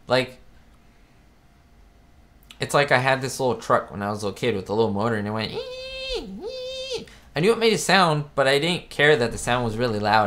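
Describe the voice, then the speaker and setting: A man's voice: medium pitch, a bit bright. A man hosting a live chat stream, talking casually in a rambling way, often stopping to correct himself. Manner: rambling, chatty, self-correcting. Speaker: host of a live chat show. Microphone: webcam setup.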